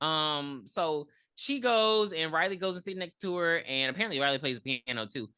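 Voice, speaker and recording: A woman's voice: low-pitched, normal speed, clean tone. A woman co-hosting a podcast, casually retelling a movie's plot with lots of swearing and acted-out lines. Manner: animated retelling, acting out characters, swearing. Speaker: podcast co-host. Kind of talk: casual movie review chat.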